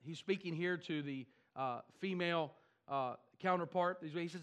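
A man preaching a sermon to his church, animated and with wry asides. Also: a little high, moderate pace, smooth. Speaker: pastor.

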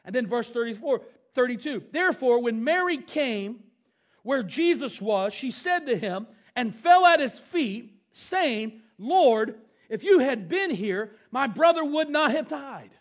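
High-voiced man preaching a sermon. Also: expressive, unhurried. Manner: storytelling, reads scripture aloud and retells it. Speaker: pastor. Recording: dull lo-fi sound.

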